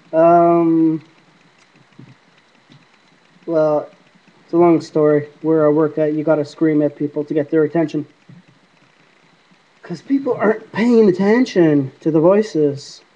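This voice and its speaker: Rambling vlogger man who talks back to invisible spirits, mellow voice, dull lo-fi iPod sound. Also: fairly high pitch, steady tone, measured pace, long pauses. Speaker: paranormal app vlogger. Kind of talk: casual rambling monologue to camera. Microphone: iPod camera mic.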